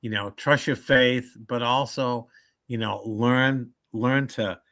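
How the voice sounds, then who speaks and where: A comedian being interviewed on a podcast, his voice bright and forceful. He tells his stories with animation and slips into voices for the people he quotes. Between the stories he stumbles and restarts his sentences as he thinks. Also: medium pitch, takes it slowly. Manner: animated storyteller who acts out quoted people; frequent restarts and stammers when thinking. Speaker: comedian and motivational speaker.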